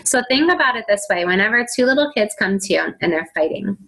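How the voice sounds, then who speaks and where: A woman's voice: mid-range voice, lively intonation, fast, vocal fry, pushed and bright, poor audio. A middle-aged woman teaching a faith-based self-help talk, acting out quoted voices as she goes. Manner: acts out quoted voices and whiny children.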